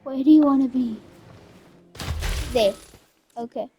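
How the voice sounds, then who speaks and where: A woman's voice: sits high, measured pace, warm tone, slightly rough. A woman commenting on her own gameplay in a chatty way, with self-mocking asides. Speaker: gamer. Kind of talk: let's play commentary. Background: faint game music.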